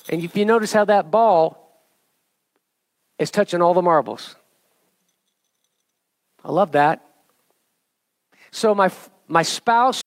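A middle-aged man preaches to his church, walking the congregation through a hands-on object lesson. His voice sits high for a man, and he talks with a playful, joking energy that climbs into emphatic urging. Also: no room sound. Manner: animated, jokey, rising to emphatic exhortation. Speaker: pastor.

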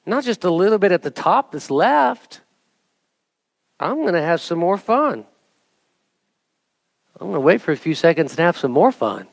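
A middle-aged man preaches to his church, walking the congregation through a hands-on object lesson. His voice sits high for a man, and he talks with a playful, joking energy that climbs into emphatic urging. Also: moderate pace, vocal fry, long pauses, no echo. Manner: animated, jokey, rising to emphatic exhortation. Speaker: pastor.

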